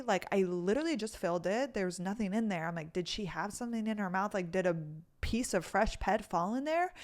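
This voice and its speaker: A young woman in her twenties hosting a podcast, telling a story in a chatty, animated way, full of "like" and "you guys". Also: mid-range voice. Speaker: podcast host. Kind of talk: casual storytelling chat.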